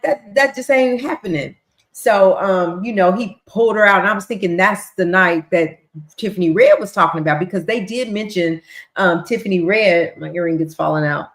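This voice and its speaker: A woman hosting a livestream, casually recapping court testimony and acting out quotes as she goes. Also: medium pitch. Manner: chatty, retells with voiced quotes and ad-libs. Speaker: livestream host. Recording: roomy echo.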